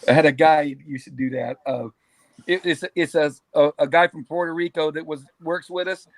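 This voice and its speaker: High-pitched male host, dry close sound, laid-back chatter. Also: steady tone, normal speed, no echo. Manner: laughs often, ends phrases with "man". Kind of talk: casual chat.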